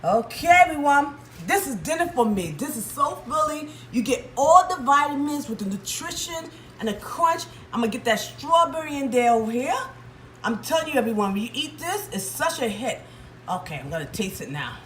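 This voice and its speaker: A woman's voice: high voice, expressive, moderate pace, a bit bright, slight background noise. A woman chatting enthusiastically to viewers as she demonstrates a home recipe. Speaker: cooking vlogger. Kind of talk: casual home cooking demo.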